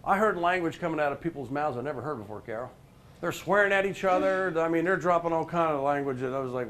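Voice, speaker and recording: A middle-aged man spinning a workplace story for a live crowd, his voice pitched slightly high. He jumps between big, loud moments and low, confiding asides, and keeps pulling listeners in with questions by name. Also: expressive, fast talker, slight background noise. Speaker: professional motivational speaker. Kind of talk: storytelling talk to a live group.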